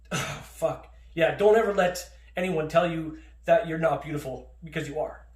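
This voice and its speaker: A man's voice: on the high side, normal speed, darkish tone, echoey room. A man talking in a casual monologue as a podcast host, impassioned, swearing often and restarting his sentences, choked up with emotion.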